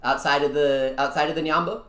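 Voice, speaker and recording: A young-adult VTuber streamer chatting casually with viewers during a game, excitable and slangy, swinging from low mutters to loud wails. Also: brisk. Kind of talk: casual live-stream chat over a mobile gacha game. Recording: echoey room.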